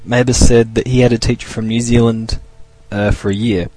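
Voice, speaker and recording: A man's voice: medium pitch, level tone, normal speed, dark tone. A young Australian man hosting a casual solo podcast, rambling loosely and chuckling as he talks. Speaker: podcast host.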